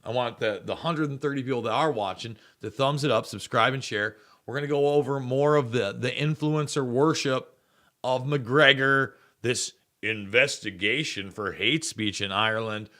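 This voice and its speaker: A man's voice: mid-range voice, moderate pace, bright, forceful tone. A man hosting a political commentary show, rambling and sarcastic, often stumbling and repeating words. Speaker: host.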